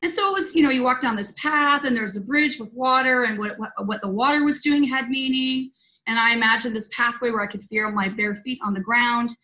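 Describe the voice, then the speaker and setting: A woman's voice: on the high side, fairly quick, pushed and bright, rough recording. A woman hosting a spiritual roundtable over a video call, telling a story in an earnest, loose, conversational way. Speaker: host.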